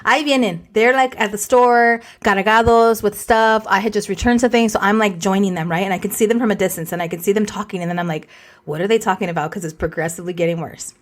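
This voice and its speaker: A woman's voice: medium pitch, fast talker. A woman in her forties co-hosting a podcast, telling a story in casual chat and dropping in Spanish words. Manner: animated, mixes in Spanish words. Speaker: podcast co-host.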